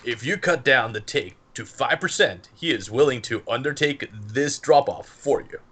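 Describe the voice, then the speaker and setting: A man's voice: medium pitch, animated, moderate pace, bright, forceful tone, slightly rough. A man playing a tabletop game, rambling and laughing as he explains his character. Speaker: player. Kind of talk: tabletop game play, casual chat.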